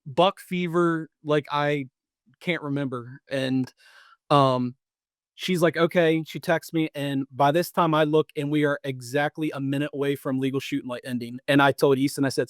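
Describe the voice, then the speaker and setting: Guy in his 30s telling a hunting story on a podcast, kinda high voice, dry close sound, keeps restarting. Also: fairly even intonation, normal speed, no echo. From Pennsylvania or Maryland. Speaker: podcast co-host. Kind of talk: casual storytelling.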